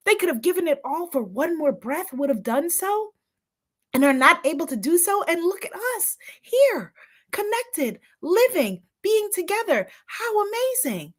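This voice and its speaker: A woman hosting an inspirational live-stream talk, enthusiastic, laughing often and repeating affirmations. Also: very high-pitched. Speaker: spiritual host.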